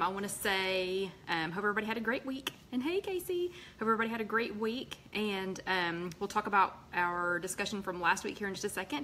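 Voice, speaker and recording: A woman hosting a casual live chat, greeting viewers by name between sentences. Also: a little hiss or hum. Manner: lively pitch jumps on greetings. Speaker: host of a live weight-loss chat. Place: home room with tall windows.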